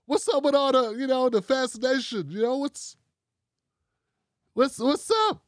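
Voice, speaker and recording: A man with a high-pitched voice hosts his own talk show. He speaks bluntly and casually and swears freely. The sound is dry and close, with no room echo. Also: measured pace. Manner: blunt, profane and animated, talking straight at the audience. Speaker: show host.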